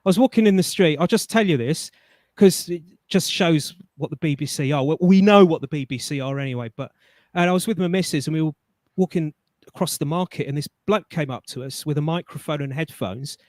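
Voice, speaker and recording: A man with a somewhat high voice tells a story on a live online chat. He is animated and colloquial and trips over his words as he goes. The sound is close and dry, with no room in it. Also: fairly quick, no echo. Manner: animated, stammering restarts, colloquial. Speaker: guest.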